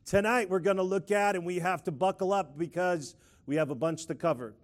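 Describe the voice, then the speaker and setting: A middle-aged man preaching a lively sermon, playfully leading the congregation in call-and-response and prayer. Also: sits high, fairly quick.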